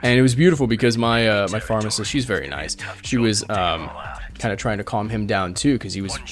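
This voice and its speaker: A man's voice: on the low side, fairly quick. A man hosting a gaming channel, rambling through a long story while giving orders in a strategy game, laughing often and breaking off mid-thought. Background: game music.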